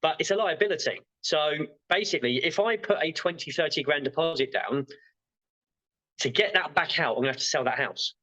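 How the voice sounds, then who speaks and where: A man's voice: on the high side, fairly quick, pushed and bright, low-quality recording. A male therapist being interviewed, talking frankly and rambling with lots of fillers. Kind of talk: casual interview chat.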